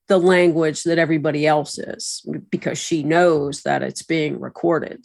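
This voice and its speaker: A woman with a lowish voice speaks as an attorney and resident expert on a podcast. She lays things out in a steady, advisory manner. The sound is dry and close to the mic. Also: vocal fry, no echo. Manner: measured, explanatory, advisory. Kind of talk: podcast discussion.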